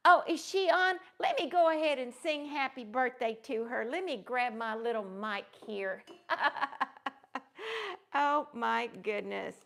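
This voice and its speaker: A woman chats her way through a crafting livestream, warmly rambling and greeting viewers one by one. Her voice sits high, with a gravelly, creaky edge running through it. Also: measured pace. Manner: gushing, greets viewers by name; rambling with many fillers. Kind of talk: casual live-stream chat.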